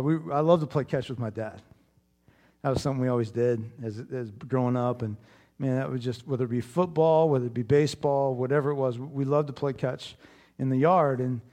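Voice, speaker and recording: Guy preaching a sermon, storytelling, gets loud and animated then goes quiet and prayerful, average pitch. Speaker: pastor.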